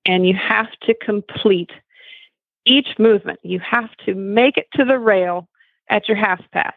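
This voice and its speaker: A woman, a dressage judge and trainer, giving a measured, deliberate tip on a radio show. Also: mid-range voice, dry recording. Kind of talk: casual radio show chat. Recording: tinny phone line.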